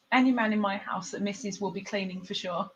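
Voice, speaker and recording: A woman's voice: mid-range voice, a little hiss or hum. A woman hosting a live stream in casual chat, playful and laughing often. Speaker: livestream host.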